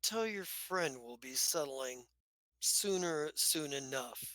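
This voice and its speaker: A man voicing a cold, smug mercenary fighter who taunts his foes with quiet menace. The voice is bright and forceful. It sits on a dry, close mic. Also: on the high side, animated, slow pace, no echo, heavily acted. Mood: menacing.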